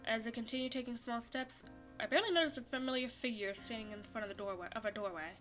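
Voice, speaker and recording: A young woman streaming a visual novel, reading the story and her character's lines aloud and breaking into animated, laughing reactions. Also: on the high side, fast talker, soft background music. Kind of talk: reading a game script aloud with commentary.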